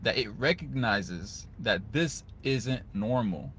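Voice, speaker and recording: A young man, giving casual, earnest advice to other men, often turning to the listener with a quick "right?". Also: medium pitch, animated, fairly bright tone, slight background noise. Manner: earnest, conversational, repeats "guys" and "right?". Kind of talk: casual motivational talk to camera.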